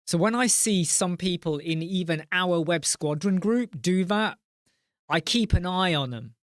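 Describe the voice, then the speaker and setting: A man's voice: high-pitched, expressive, a little slow, no echo, clean studio sound. Ranting man hosting a live chat. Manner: passionate, ranting, swears. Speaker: host.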